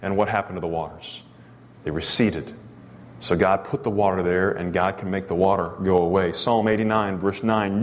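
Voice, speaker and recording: A man's voice: sits low, steady tone, normal speed. A male pastor preaching a sermon, emphatic and full of rhetorical questions to the congregation. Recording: long reverb of a large hall.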